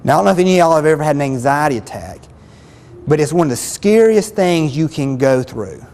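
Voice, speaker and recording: A man's voice: on the high side, lively intonation, fast, a little mellow, long reverb tail. A man giving a spoken self-help lesson as a relationship counselor, earnest and plain-spoken, often repeating himself.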